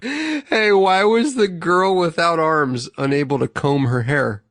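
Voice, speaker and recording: A man co-hosting a podcast, telling dark jokes in casual chat with slow, drawn-out setups. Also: no room sound, studio quality. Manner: slow, drawn-out setups with lively pitch swings. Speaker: podcast co-host.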